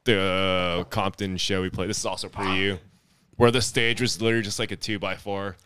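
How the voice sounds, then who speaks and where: A man's voice: low-pitched, level tone, fairly quick, a bit bright, clear, resonant tone. A man in a band recalling a show in blunt, offhand casual chat. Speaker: band member.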